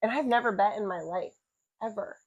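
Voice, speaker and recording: A young woman co-hosting a podcast, telling stories with animated energy and frequent swearing. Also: medium pitch, a little fast, no room sound, muffled recording. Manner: animated storytelling, often swearing and laughing. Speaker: podcast co-host, fighter's wife. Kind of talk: casual chat.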